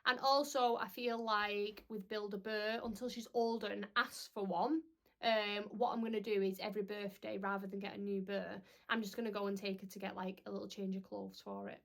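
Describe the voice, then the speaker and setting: A woman's voice: medium pitch, level tone, fairly quick, vocal fry. A young woman, chatting casually to camera as a parenting vlogger, rambling with lots of "um"s.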